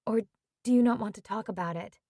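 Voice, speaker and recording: A woman's voice: a little high, brisk, mellow, no room sound, studio quality, lightly acted. A woman voicing a blunt but caring young woman friend. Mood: concerned.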